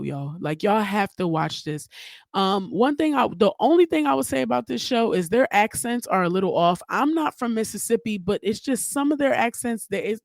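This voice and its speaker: A woman's voice: medium pitch, a little mellow, no echo. Woman podcaster, solo chat, salty and outspoken, dry close sound. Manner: blunt, profane, chatty. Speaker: podcast host. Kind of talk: casual solo podcast commentary.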